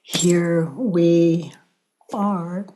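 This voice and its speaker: An older woman hosting a podcast, speaking softly and reflectively, often sinking into whispers between long pauses. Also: lowish voice, steady tone, slight background noise. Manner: soft-spoken, drifting into whispers, long pauses. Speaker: podcast host. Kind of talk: slow reflective spiritual talk.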